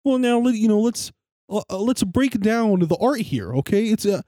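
A man's voice: high voice, expressive, normal speed, mellow, no echo. A man with a slightly raised voice rambles through casual podcast chat, laughing often and swearing freely. The sound is close and dry, with no room around him. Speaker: podcast co-host.

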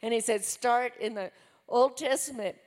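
A woman's voice: fairly high pitch, normal speed, long reverb tail. An older woman giving a testimony and praying fervently, speaking from a church stage. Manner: fervent, declaring prayer. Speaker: pastor's wife. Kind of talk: testimony and prayer.

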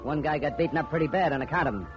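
A man's voice: on the high side, rapid-fire, close to an everyday voice. A man playing a cocky, menacing jewel-thief gangster in 1940s radio acting, with swaggering tough-guy slang. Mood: gloating. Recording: muffled old radio broadcast. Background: phonograph music.

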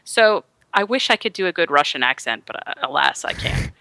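Animated woman telling a story. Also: deep voice, a little fast, creaky, no echo. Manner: animated, quotes people in voices. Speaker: guest storyteller. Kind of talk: casual storytelling chat.

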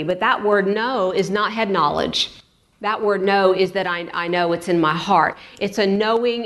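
A woman pastor preaching a sermon in a chatty way, repeating words for emphasis. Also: mid-range voice. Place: church.

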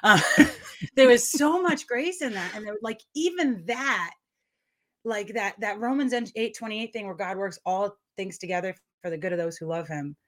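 A middle-aged woman, an author guest in an interview, telling her story in an excitable, rambling way with frequent laughter. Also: medium pitch, normal speed. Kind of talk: conversational interview.

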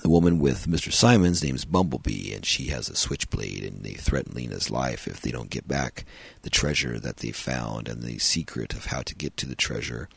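A man's voice: very deep voice, moderate pace, vocal fry, fairly bright tone, slightly rough, no echo. A man hosting a podcast, reviewing a film in a rambling, casual way with frequent ums and uhs.

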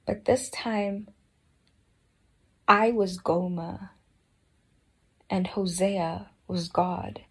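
Soft-spoken breathy woman, slow and earnest. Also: lowish voice, steady tone. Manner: slow, soft, earnest, often drops to a breathy near-whisper. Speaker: Bible study speaker. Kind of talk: reflective personal Bible talk.

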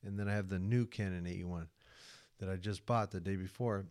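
A man from California telling a story on a podcast as a guest, casual, profane and animated, slipping into quoted voices. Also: low-pitched, fairly quick.

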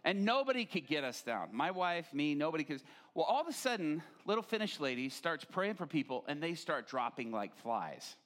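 A pastor with a high, very lively voice tells a story from the pulpit and plays it for laughs. His pitch climbs and drops as he acts out each person in the tale. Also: normal speed. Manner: animated, acts out quoted voices. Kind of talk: humorous sermon storytelling.

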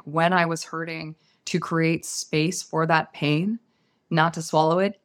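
Woman guest w a low gravelly voice, soft and earnest, taking her time. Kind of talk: reflective personal storytelling.

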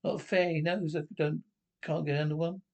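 A woman's voice: low voice, fairly even intonation, normal speed, darkish tone. An actress playing a neglected middle-aged wife who complains indignantly about her absent husband, in a 1960s British film comedy. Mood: aggrieved. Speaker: neglected wife of a taxi firm owner.

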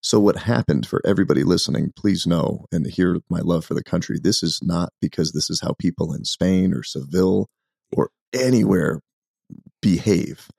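Deep gravelly man telling a story. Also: normal speed, no room sound, studio quality. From United States. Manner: emphatic, animated storyteller. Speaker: podcast guest. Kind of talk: casual storytelling.

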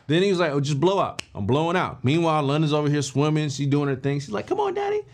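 A man hosting a podcast, telling a motivational story in an animated way and talking straight to his listeners. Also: fairly high pitch, fast. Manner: animated, addresses listeners directly and informally; emphatic with frequent restarts and fillers. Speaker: podcast host.

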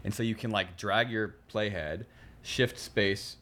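Low-voiced male co-host, casual, explanatory, a bit sarcastic. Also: measured pace, sharp tone. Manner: explains step by step, sarcastic asides. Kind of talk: casual chat.

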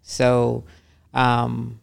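Gravelly-voiced woman telling stories. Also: a bass voice, drawn-out words. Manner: animated, acts out quoted voices. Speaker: massage therapist. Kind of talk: casual interview storytelling.

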